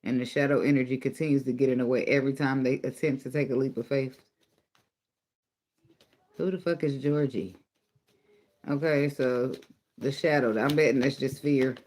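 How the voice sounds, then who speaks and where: A man's voice: medium pitch, fairly even intonation, moderate pace, long pauses, a little mellow. Blunt, teasing man reading tarot cards. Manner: blunt, profane, teasing, laughs often. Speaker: tarot reader. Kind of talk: casual spoken tarot reading.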